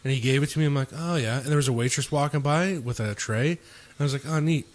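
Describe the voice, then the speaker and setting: A man hosting a podcast, telling stories in a relaxed way, swearing and acting out quotes. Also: medium pitch, fast. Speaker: podcast host. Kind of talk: casual storytelling. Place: indoors, home.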